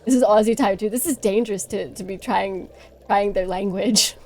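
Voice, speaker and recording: A woman's voice: medium pitch, normal speed, darkish tone, faint music behind. A woman streamer chatting casually on a livestream, playful and giggly, rambling as she talks.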